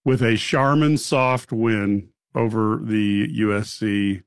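A man's voice: fairly low pitch, steady tone, slow pace, dry recording, studio quality. Wry man trading quips on sports radio. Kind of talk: casual sports picks chat. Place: radio studio.

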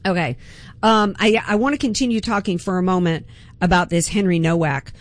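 A woman's voice: lowish voice, fairly quick. A woman hosting a political talk radio show, delivering an impassioned, emphatic monologue with frequent restarts.

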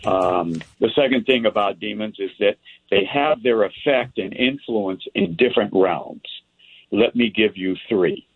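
Husky lowish guy teaching bible verses to a men's group, slow, sounds like over a phone. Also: no room sound, narrow, tinny audio. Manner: deliberate, reads scripture aloud with asides. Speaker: pastor.

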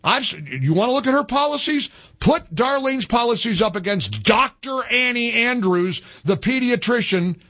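A man's voice: very high-pitched, lively intonation, normal speed, sharp tone. A man hosting a talk radio show, delivering a fired-up political rant that is emphatic and repetitive. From American South. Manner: emphatic, repetitive, restarts mid-sentence.

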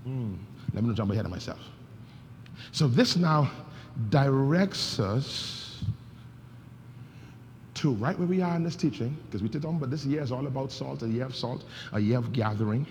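A man's voice: medium pitch, animated, normal speed, long pauses, a little mellow. A male pastor preaching a sermon, leading his congregation in call-and-response. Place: church sanctuary. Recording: long reverb in a church hall, faint background noise.

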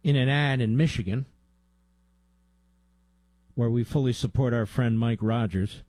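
A man's voice: mid-range voice, unhurried, darkish tone, no room sound. A man hosting a talk radio show, delivering a combative monologue with sarcastic asides to his producer.

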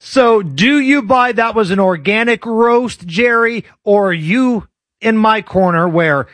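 High-voiced radio host guy, dry studio sound, jokey and sardonic. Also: measured pace, fairly bright tone, no room sound. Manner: sardonic, joking delivery. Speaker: radio talk show host. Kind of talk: casual radio banter.

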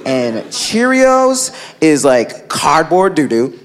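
A man doing a stand-up routine, acting out family members in animated voices. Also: a little high, takes it slowly. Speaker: stand-up comedian. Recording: live club recording with crowd noise.

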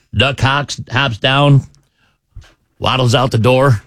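A male morning radio host in casual banter, telling a joke with lively swings of pitch for the characters. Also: takes it slowly, dry recording, clean studio sound. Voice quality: animated storyteller, swings pitch for the joke's characters. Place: radio studio.

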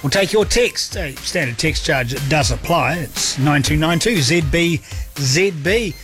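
A man's voice: on the high side, animated, unhurried, fairly bright tone, faint music behind. A man with a New Zealand accent hosting a sports talk radio show, upbeat and chatty with a joking manner. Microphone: studio microphone.

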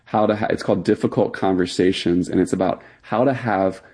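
A man's voice: low voice, fairly quick, a little mellow, breathy edge. A man, a pastor, talking earnestly as a radio interview guest and explaining his views with fillers and emphasis.

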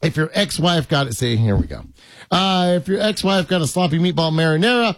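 A man's voice: a little high, lively intonation, a little fast, no echo. A man hosting a podcast in a jokey, rambling casual chat, laughing often. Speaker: podcast host.

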